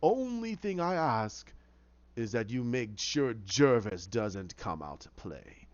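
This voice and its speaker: A man voicing a calm, menacing male villain who speaks low and measured. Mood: scheming. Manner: low, slow and measured, drifting to a whisper. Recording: dull lo-fi dry recording.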